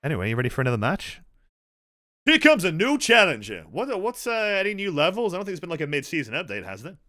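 A British man giving casual live commentary while streaming a game, swearing freely and yelling at the other players. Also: on the high side, racing, dry recording. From Britain. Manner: profane, excitable, yells at other players.

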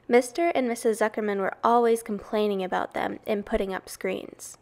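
A woman reading a children's storybook aloud in a measured, expressive way. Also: mid-range voice. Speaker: reader.

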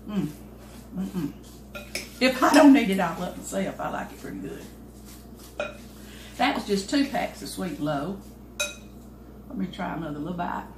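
A medium-pitched older woman hosts a casual cooking demonstration from her home kitchen, with background noise in the clip. She makes folksy conversation with the person filming as she cooks, while dishes clatter and the room echoes.

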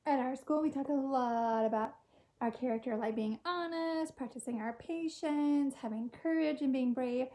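High, mellow-voiced teacher reading to kids. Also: female voice, measured pace. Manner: gentle, chatty, asks the kids questions. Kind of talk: storybook read-aloud for children.

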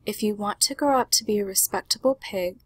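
A stern papa pig lectures his piglet in a husky voice, as a woman reads him aloud. It is a storybook figure, recorded dry and close. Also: mid-range voice, brisk, no echo, close to an everyday voice. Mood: lecturing. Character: stern father pig insisting on mess.

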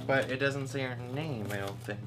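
A man's voice: medium pitch, moderate pace. A man co-hosting a casual vlog at home, teasing his partner as they open fan mail. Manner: playful, teasing. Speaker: vlog co-host. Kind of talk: casual chat while opening fan mail.

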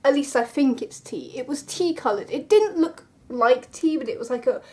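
A young woman with a high voice tells a story for her vlog. She is casual and animated, building suspense with dramatic asides and exclamations. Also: moderate pace. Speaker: vlogger.

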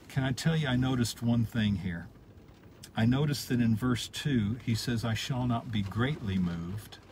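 Pastor preaching in steady building cadence. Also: male voice, medium pitch, slight background noise, poor audio. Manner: repetitive building cadence, slows on key words. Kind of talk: sermon.

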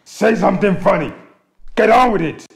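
Man doing a gravelly shrill heckler. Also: lively intonation, moderate pace. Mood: impatient. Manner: heckling, demanding. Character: rude impatient male heckler in the crowd.

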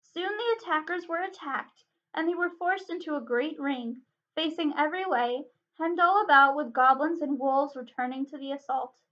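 A woman librarian giving a steady, expressive read-aloud narration of a storybook. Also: sits high, normal speed, highs cut off.

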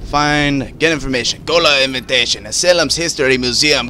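A man's voice: a little high, fairly quick, slight background noise. A man hosting a casual let's-play, commenting over the game in a playful, profane way. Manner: animated, playful and profane, talking over gameplay. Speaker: gaming channel host.

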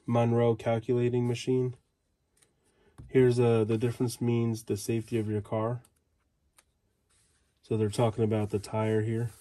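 A man's voice: mid-range voice, monotone, measured pace, pauses often, warm tone. A man flipping through an old magazine, reading ad headlines aloud in fragments and adding offhand casual remarks.

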